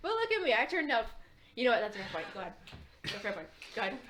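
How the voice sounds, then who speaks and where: A woman playing a tabletop game, chatting in an animated, joking way. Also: fairly high pitch, very fast. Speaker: player. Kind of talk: casual chat during tabletop play.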